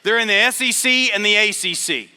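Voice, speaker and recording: Speaking a little fast, a middle-aged chapel speaker tells stories in a funny, conversational sermon. His high voice is bright, forceful, clear, and resonant, echoing with long reverb in a large chapel hall.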